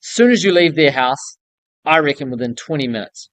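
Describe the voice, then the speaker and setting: A man's voice: fairly high pitch, lively intonation, brisk, a bit bright, no echo. A man giving casual, blunt business advice to newcomers in the building trade, often checking in with "okay?". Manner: direct coaching tone, often ends points with "okay?". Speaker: building contractor coaching newcomers.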